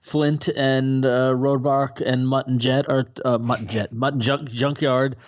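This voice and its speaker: A man's voice: medium pitch, level tone. Eager podcast guy on a dull, lo-fi line. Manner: enthusiastic, halting with restarts. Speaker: podcast co-host. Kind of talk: casual chat.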